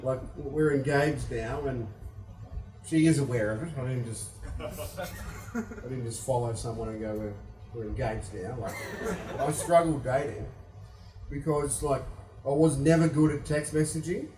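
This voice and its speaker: A man's voice: medium pitch, fairly even intonation, normal speed, pauses often, mellow, recorded from a distance. A young Australian man doing a stand-up comedy set, rambling and self-deprecating with lots of swearing. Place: comedy venue with live audience. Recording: echoey room, mic picked up from afar.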